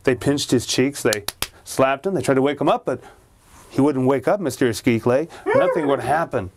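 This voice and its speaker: A man's voice: mid-range voice, normal speed, a little hiss or hum. A male storyteller telling a spooky ghost story in a dramatic manner, with chuckles.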